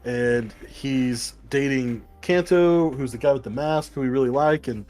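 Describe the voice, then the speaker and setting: A man co-hosting a casual podcast, talking through a comic book review in a rambling, excited way and swearing casually. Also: mid-range voice, unhurried. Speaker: podcast co-host.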